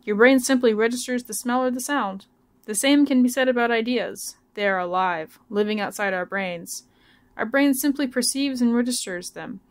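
A woman student reading a novel aloud in a steady, careful way. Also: fairly high pitch, normal speed. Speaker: student reader.

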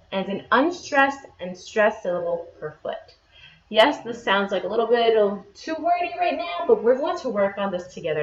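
A woman's voice: medium pitch, a bit bright, slight background noise. A woman teacher explaining patiently, step by step, in a classroom lesson. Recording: echoey, dull lo-fi room sound.

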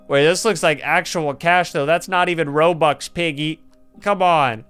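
A young man who runs a gaming channel reads in-game story dialogue aloud and reacts excitedly, laughing and gasping often. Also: fairly high pitch, moderate pace, smooth. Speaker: gaming YouTuber. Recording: faint background music.

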